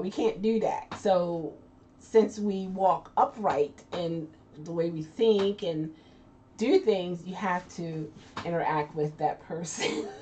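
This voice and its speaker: A woman's voice: lowish voice, mellow. A woman hosting a casual live chat, talking loosely with frequent laughs and restarts. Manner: chatty, laughs often, trailing restarts. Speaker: host. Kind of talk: casual chat reading viewer comments. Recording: distant lo-fi mic with faint noise.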